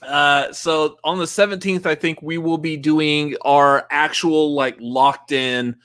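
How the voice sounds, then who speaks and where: A man's voice: a little high, steady tone, slow, fairly bright tone. Laid-back young man chatting on a stream. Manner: rambling, laughs often, lots of filler words. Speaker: co-host. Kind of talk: casual live-stream chat.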